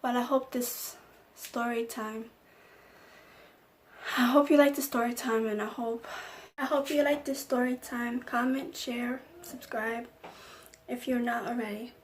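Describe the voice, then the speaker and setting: Woman doing a storytime vlog, kinda high voice, real flat and quiet, faint hiss behind. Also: a little slow. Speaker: vlogger telling a personal story. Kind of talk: casual storytime.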